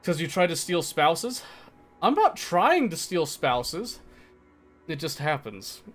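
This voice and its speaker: A man's voice: a little high, very animated, takes it slowly, soft background music. A young man live-streaming a game, chatting casually with his viewers in a playful, teasing, mock-defensive way. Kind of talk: casual live-stream chat while gaming.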